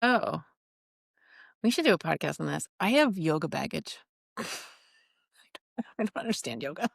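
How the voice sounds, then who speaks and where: Candid, low-voiced woman podcast host. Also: big pitch swings, vocal fry, husky, no echo, studio quality. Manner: candid, self-deprecating, halting restarts. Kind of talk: casual chat.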